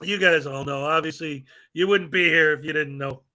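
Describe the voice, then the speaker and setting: A man's voice: on the high side, moderate pace, pushed and bright. A man hosting a casual live stream, joking around and laughing often. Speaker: livestream host.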